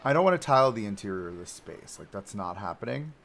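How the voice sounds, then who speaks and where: A man's voice: on the low side, lively intonation, quick pace, creaky, a bit bright, a little hiss or hum. A young man chatting casually to a live audience while building in a game, talking to himself, joking and grumbling at the controls. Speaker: streamer building a theme park live. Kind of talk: casual live-stream commentary.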